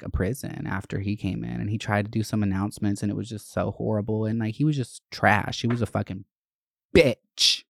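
A young adult vlogger telling a school story in a profane, animated, gossipy way. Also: mid-range voice, vocal fry, no echo, clean studio sound. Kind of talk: casual storytelling.

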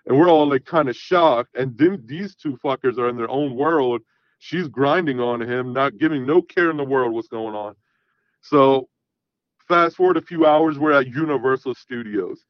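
A man's voice: mid-range voice, moderate pace, no echo. A man telling a long personal story in casual, rambling talk, full of swearing and "I'm like" asides. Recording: dull lo-fi sound.

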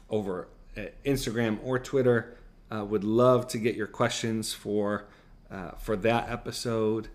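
A man's voice: medium pitch, a little mellow. A man co-hosting a podcast, talking casually with lots of uh fillers and joking around. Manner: jokey, laughs often, filler-heavy. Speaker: podcast co-host.

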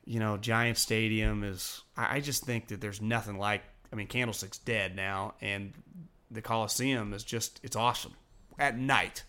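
Sports talk co-host: man, bright forward tone, loose and profane, meanders through his thoughts. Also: fairly low pitch, fairly even intonation, normal speed. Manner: rambling, profane, laughs often. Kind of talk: casual sports chat.

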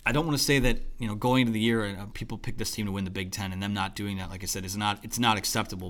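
A man talking through a post-game football analysis in a loose, thinking-aloud way with lots of fillers and restarts, his voice going hoarse. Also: lowish voice, a bit bright. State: losing his voice. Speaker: sports analyst.

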